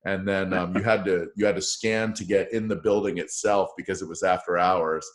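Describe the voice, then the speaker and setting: A man's voice: low-pitched, normal speed. A radio morning show host, a man, telling profane, joking stories in a casual podcast interview. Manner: profane, joking, animated storyteller.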